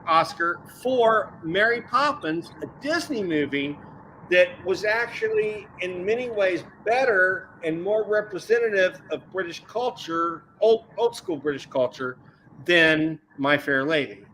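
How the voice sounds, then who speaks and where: A man's voice: sits high, lively intonation, a little slow, bright, forceful tone, a little hiss or hum, poor audio. A man in his fifties chatting casually on a geek talk stream, rambling, playful and often correcting himself. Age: 50s. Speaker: panelist on a geeky chat stream. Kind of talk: casual chat.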